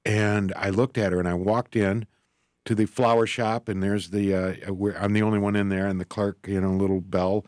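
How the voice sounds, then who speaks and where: Male guest, earnest storyteller, lowish voice, dry studio sound. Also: level tone, moderate pace, a little mellow, dry recording. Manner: earnest, rambling, acts out quoted voices. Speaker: author and guest. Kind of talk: storytelling in an interview.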